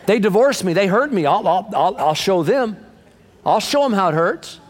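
A high-voiced male pastor preaching with animated energy, swinging from booming lines to hushed asides and acting out the people he quotes. His voice rings with the long echo of a large hall. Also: normal speed. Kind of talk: sermon.

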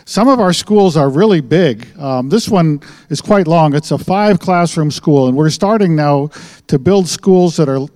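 Man, mission presenter, slightly high voice, earnest, explaining slides. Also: lively intonation, measured pace, mellow. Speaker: missionary doctor.

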